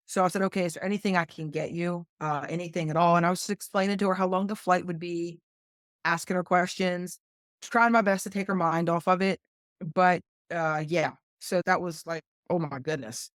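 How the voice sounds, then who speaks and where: A woman's voice: fairly low pitch, dry recording, studio quality. A middle-aged woman from West Virginia, a podcast guest telling an earnest personal story and acting out remembered dialogue. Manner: earnest, acts out her past dialogue. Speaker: guest, retired flight nurse.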